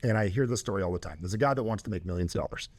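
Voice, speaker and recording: A man hosting a show and coaching a caller, talking emphatically with loud, high bursts. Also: lively intonation, very fast. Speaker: host and coach.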